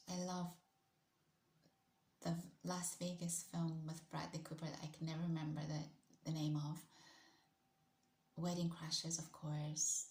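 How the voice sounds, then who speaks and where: A woman chatting casually on a livestream as host, rambling and asking her viewers questions. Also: fairly low pitch. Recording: echoey room with faint noise.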